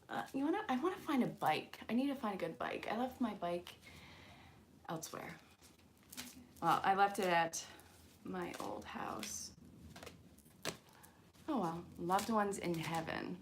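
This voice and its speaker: A woman's voice: lowish voice, background noise. A woman hosting a casual live-streamed angel card reading, chatty and encouraging, joking with comments from her viewers. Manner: encouraging, spiritual self-help talk. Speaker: angel card reader, channel host.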